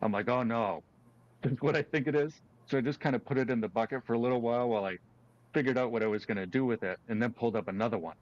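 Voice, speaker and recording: A man hosting a casual chat, telling his own story in a relaxed, chatty way with restarts. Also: mid-range voice, racing. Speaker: host. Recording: dull lo-fi sound.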